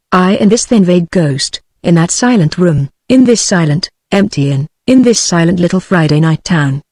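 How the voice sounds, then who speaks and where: A woman's voice: on the low side, no echo. Synthetic British woman reading a book, dry. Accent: British English. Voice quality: synthetic, even delivery. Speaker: narrator. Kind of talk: text-to-speech audiobook reading.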